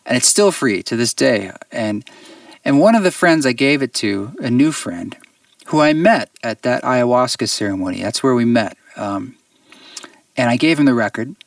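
A man, a musician guest on an interview show, tells a personal story in an earnest, reflective way with halting restarts. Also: mid-range voice, expressive, creaky, dry recording, distant mic.

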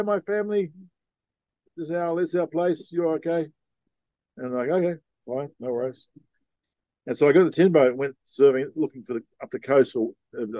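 Laid-back man, mellow voice. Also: mid-range voice, no room sound. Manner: laid-back, rambling, with Aussie slang. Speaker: podcast guest, sea captain. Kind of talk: casual storytelling.

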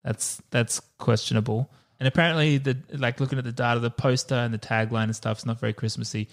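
A man co-hosting a relaxed movie podcast. He talks in quick bursts and laughs often. His voice sits at a middling pitch. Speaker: podcast co-host. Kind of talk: casual movie chat.

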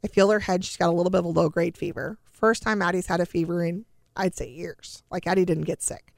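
A middle-aged woman earnestly telling her family's story, pausing and restarting as she relives each scene in quoted dialogue. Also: on the low side, fairly even intonation, gravelly, dry recording, studio quality. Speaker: guest sharing a family story. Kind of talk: emotional personal storytelling.

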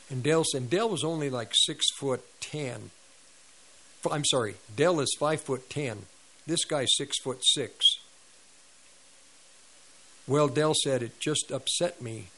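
A man's voice: medium pitch, moderate pace, fairly bright tone, poor audio. A man preaching on a radio ministry, retelling a story with quoted dialogue and sound effects. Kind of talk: sermon storytelling.

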